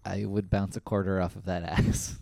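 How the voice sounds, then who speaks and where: A man's voice: low voice, level tone, normal speed, vocal fry, warm tone, no room sound, studio quality. A young man co-hosting a casual podcast, teasing his co-host and laughing often.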